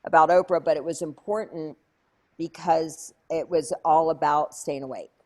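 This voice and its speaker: A woman's voice: low-pitched, steady tone, normal speed, darkish tone. A woman guest in an interview, telling a story in a chatty way with many fillers and acted-out quotes. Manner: chatty, many "like" fillers, acts out her own past lines.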